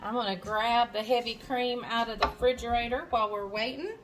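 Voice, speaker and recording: A woman's voice: on the high side, fairly even intonation, fairly quick, background noise. A woman hosting her own cooking show from her home kitchen, chatting casually as she cooks, with plenty of fillers and self-corrections. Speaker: cooking channel host.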